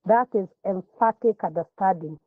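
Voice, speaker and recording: A woman's voice: medium pitch, moderate pace, dry recording. A woman lecturer teaching a counselling class, explaining at length and often repeating words and restarting phrases. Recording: tinny phone-like line.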